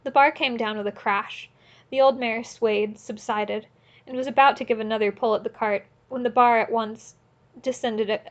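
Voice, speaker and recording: A woman narrating an audiobook in a steady, earnest reading voice, now and then correcting a slip. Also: mid-range voice, highs cut off. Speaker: audiobook reader.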